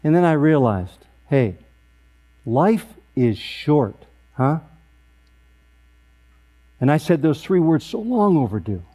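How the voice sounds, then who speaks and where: Hosting an awards event, a man in his sixties relates a humorous family anecdote with a straight face and precise comic timing. His voice is a little high, and he speaks slowly with long pauses.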